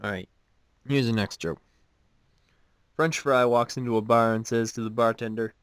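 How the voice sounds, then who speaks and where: A man's voice: mid-range voice, steady tone, moderate pace, long pauses, clear, resonant tone, dry recording. A man casually reading jokes aloud and following each one with dry, self-mocking asides. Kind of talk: casual joke reading with commentary.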